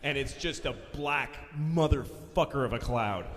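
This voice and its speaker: A man doing stand-up comedy, telling a story with animated, profane delivery that breaks into shouts. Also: medium pitch, a little slow. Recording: long-reverb theater hall, faint noise.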